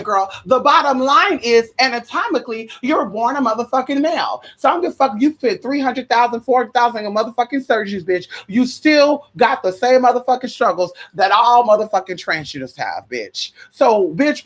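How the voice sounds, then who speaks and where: A woman vlogs a fiery, profane rant straight to her viewers, full of sass and repeated rhetorical questions. Her voice is husky and a bit high. Her pitch swings widely. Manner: profane, heated, sassy. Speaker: vlogger. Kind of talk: ranting monologue to viewers.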